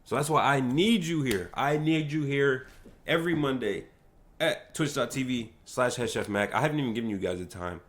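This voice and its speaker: A man's voice: medium pitch, normal speed, slight background noise. A young American man hosting a solo livestream podcast, talking casually in slangy, hyped, rambling bursts. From United States.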